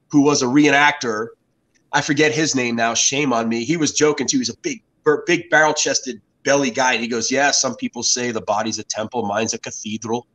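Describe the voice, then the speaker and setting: A man in his fifties, a guest telling casual anecdotes over beers in an animated, profane way. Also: mid-range voice, poor audio. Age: 50s.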